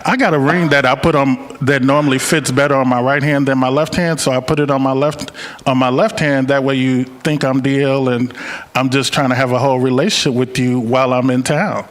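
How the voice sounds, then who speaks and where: A man talking casually on a live panel, playful and animated as he tells his stories. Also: medium pitch, fairly quick.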